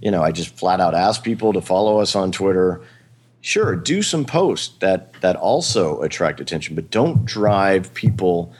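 Male podcast host, deep voice, loose rambling talk. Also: a little mellow, husky. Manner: rambling, hesitant, frequent fillers and laughs. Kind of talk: casual chat.

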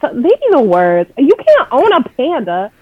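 A woman's voice: sits high, wildly swooping pitch, measured pace, no echo. Young woman, casual chat, filler-heavy, blunt, swears, dry lo-fi sound.

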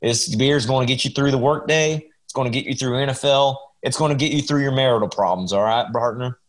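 A man's voice: mid-range voice, fairly quick, lightly acted. A man putting on a Texan voice, hyping a beer to his buddies in a casual podcast bit. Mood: hyped. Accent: Texas.

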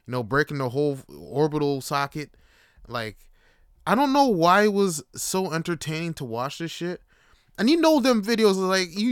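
A man hosting a solo podcast, rambling in a casual, profane, jokey way and slipping into quick impressions. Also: fairly high pitch, a bit bright, clear, resonant tone, no room sound, clean studio sound. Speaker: podcast host.

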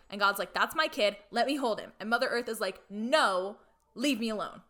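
Chatty woman w a bright crisp voice, says like a lot, cheeky little asides. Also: a little high, moderate pace. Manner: chatty, full of "like" fillers; playfully irreverent asides. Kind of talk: casual chat retelling a film plot.

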